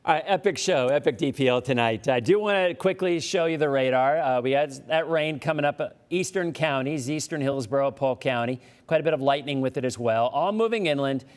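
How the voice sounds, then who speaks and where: A man hosting a live weather show, chatting in an upbeat, talkative way with a guest. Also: medium pitch. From Florida. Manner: upbeat, talkative, quick asides.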